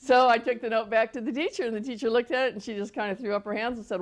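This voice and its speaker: An older woman teaching through personal testimony, soft-spoken and storytelling, often repeating words as she gathers her thoughts. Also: on the high side, steady tone, racing, few pauses. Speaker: Christian teacher and author.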